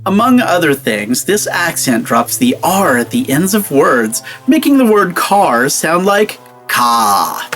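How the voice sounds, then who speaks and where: Animated male host narrating over music. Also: sits high, a little slow, few pauses. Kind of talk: scripted narration.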